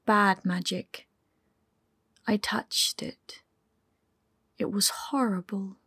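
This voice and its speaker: A shaken young half-fae man , voiced by a woman reading an audiobook, speaks in halting, quiet, whispery bits. He sounds fragile and frightened. The reading is slow and the sound is dry. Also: fairly high pitch, steady tone, no echo. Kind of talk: audiobook narration.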